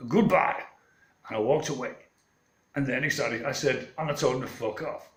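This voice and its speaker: A man's voice: medium pitch, brisk. Rambling, defiant man ranting in an echoey room. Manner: swearing, defiant, meandering storytelling. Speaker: channel host.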